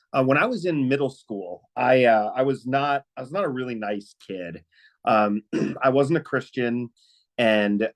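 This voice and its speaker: Man, mid pitch, earnest personal storyteller on a webinar, halting delivery. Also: low-quality recording. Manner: earnest, halting with many fillers and restarts. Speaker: webinar speaker.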